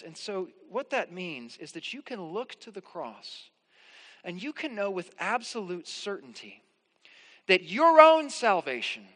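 High-voiced pastor preaching in a hall. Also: male voice, a bit bright. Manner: earnest, reassuring preaching with emphatic rises. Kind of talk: sermon.

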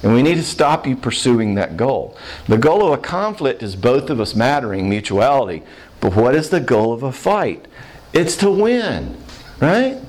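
A man leads a marriage seminar in a lively, joking way. His voice sits at an ordinary middle pitch, and he keeps tagging his points with quick check-ins to the room. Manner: animated, checks in with "all right?". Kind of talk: humorous seminar talk.

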